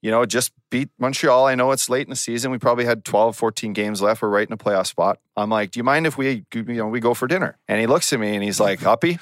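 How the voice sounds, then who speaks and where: Male co-host, easygoing raconteur, average pitch, dry studio sound. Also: steady tone, quick pace, few pauses, no echo. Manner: laid-back, profane, laughing storyteller. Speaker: podcast co-host, former hockey player. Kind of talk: casual storytelling chat.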